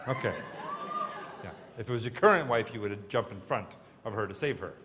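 On stage in a large hall, a man hosts a comedy hypnosis show, teasing his volunteers with playful banter. His voice is fairly low and fairly quick, and a loud crowd fills the big room.

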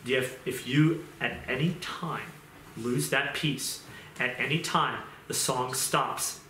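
A man's voice: mid-range voice, takes it slowly, noisy background. A man giving an informal sermon in a conversational way, repeating phrases and restarting sentences as he goes. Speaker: pastor. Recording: roomy echo.

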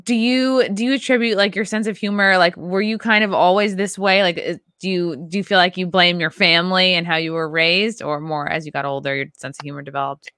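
A woman's voice: on the low side, fairly even intonation, a little fast, hardly any pauses, fairly bright tone, no room sound, studio quality. A woman hosting a podcast, asking chatty follow-up questions and laughing often. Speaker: podcast host. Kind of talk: casual podcast interview.

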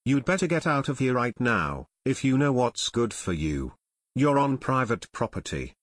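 A man reading the part of a gruff, hard-of-hearing middle-aged man who shouts and sneers. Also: mid-range voice, very animated, normal speed. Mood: sneering.

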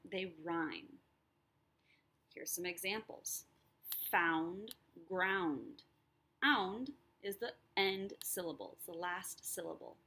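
A woman teacher explaining a lesson, sounding out words slowly and clearly. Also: mid-range voice, fairly bright tone. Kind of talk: recorded lesson.

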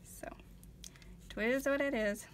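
Woman chatting while she paints, rambling story w lots of um's, slightly high voice, faint hum behind. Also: unhurried. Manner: chatty storytelling, many fillers and restarts. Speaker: vlogger, art journaler. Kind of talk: casual chat while painting.

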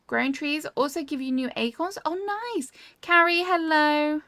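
A woman's voice: high-pitched, normal speed, sharp tone, no echo. A woman streaming a cozy building game, gushing over viewers' builds and reading chat aloud in casual talk. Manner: gushing, easily delighted, reads chat aloud. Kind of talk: casual livestream chat while playing.

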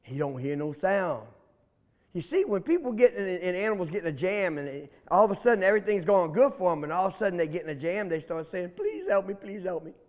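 A man's voice: sits high, fast. Folksy storyteller man. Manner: animated, folksy, addresses listeners. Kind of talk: oral folk storytelling. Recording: long hall reverb.

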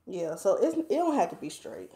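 A woman's voice: mid-range voice, very animated, moderate pace, dark tone, roomy sound. A woman, a hair stylist chatting playfully with viewers while doing a hair tutorial at home. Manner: chatty, playful, talks to viewers as y'all, reads comments aloud. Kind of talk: casual livestream hair tutorial chat.

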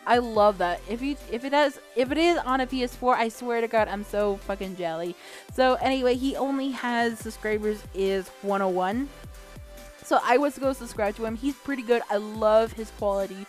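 A woman's voice: a little high, normal speed, soft background music. A young woman hosting a gaming channel vlog, chatting casually in a rambling way with lots of fillers, restarts and the odd swear word. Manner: rambling and chatty, with many fillers and self-corrections.

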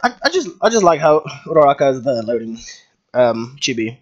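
A man commentating his own gameplay in a casual let's-play, getting excited, swearing and shouting at the game. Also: medium pitch, brisk, dull audio.

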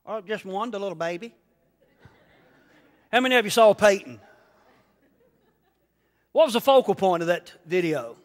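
A man preaching a sermon as pastor, animated, rising to shouts and firing rhetorical questions at the congregation. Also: high-pitched, normal speed, long pauses. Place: church sanctuary. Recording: long reverb of a church hall.

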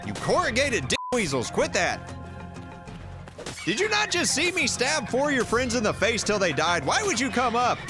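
A man giving jokey, animated commentary while playing a survival game and talking to the creatures in it. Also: very high voice, moderate pace, over music. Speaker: gaming YouTuber. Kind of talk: playthrough commentary.

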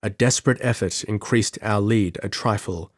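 Male narrator, low-pitched voice, measured dramatic storytelling, audiobook reading. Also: no echo, studio quality. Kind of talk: scripted narration of a pulp adventure story.

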